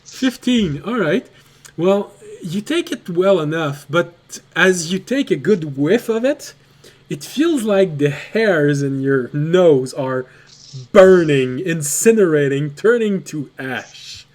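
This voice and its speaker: A man narrating as game master in a tabletop game, unhurried and amused. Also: fairly high pitch, expressive.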